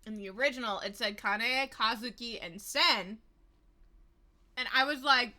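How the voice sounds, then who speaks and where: Woman gaming streamer, bright, higher voice, sarcastic and swears, snacking. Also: a little slow, long pauses. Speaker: livestreamer. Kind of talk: gameplay livestream commentary.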